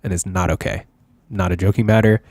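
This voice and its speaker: A man's voice: low voice, steady tone, brisk, a little mellow, no room sound. A young man co-hosting a podcast in casual, rambling chat, joking and laughing often. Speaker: podcast co-host.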